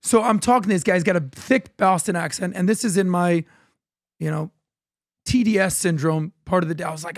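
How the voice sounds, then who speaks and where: Man, podcast co-host, animated storyteller, higher voice, dry studio sound. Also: brisk, no room sound. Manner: animated anecdotal storyteller, acts out dialogue.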